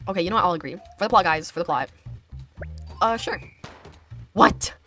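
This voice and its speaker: A woman's voice: lowish voice, animated, rapid-fire, bright, forceful tone, soft background music. A young woman chatting casually while reading a game's story aloud, giggly and full of fillers. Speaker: gamer. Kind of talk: let's-play commentary, reading game text aloud.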